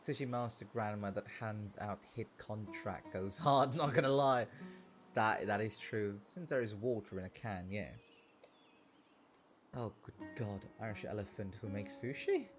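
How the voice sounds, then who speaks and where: A man streaming a farming game, chatting casually, joking and rambling with sudden loud outbursts. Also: fairly low pitch, a little slow. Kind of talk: casual gameplay livestream chat. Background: faint background music.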